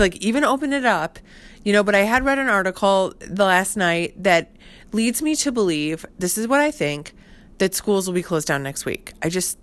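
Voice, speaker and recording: A woman's voice: mid-range voice, a bit bright. A middle-aged woman telling a rambling personal story in casual chat, full of "like" and "you know". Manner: chatty, heavy use of fillers like "like" and "you know". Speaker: podcast host.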